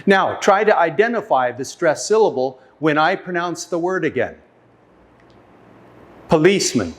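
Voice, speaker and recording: A man teaches an English pronunciation lesson in a somewhat high voice. He speaks slowly and carefully, saying each word several times so learners can practice along with him. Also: big pitch swings. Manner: slow, careful, repeats words for practice.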